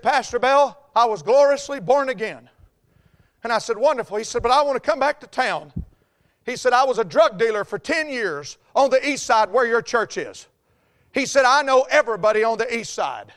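A middle-aged pastor from the North Carolina mountains preaches a sermon in a Southern US Appalachian accent, telling stories with exuberance. His voice is very high-pitched and a bit bright.

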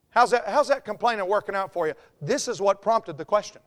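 A man with a Southern US accent, preaching a folksy, joking sermon as a pastor, swinging between quiet asides and loud outbursts. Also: high voice, quick pace, hardly any pauses. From American South.

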